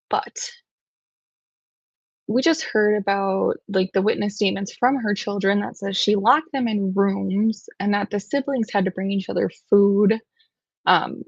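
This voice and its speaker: A woman's voice: mid-range voice, normal speed, creaky, breathy edge, no echo, lo-fi sound. A woman hosting a true-crime livestream, chatting casually and reading aloud, close to tears and poking fun at herself. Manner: chatty, self-deprecating, emotional while reading. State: near tears.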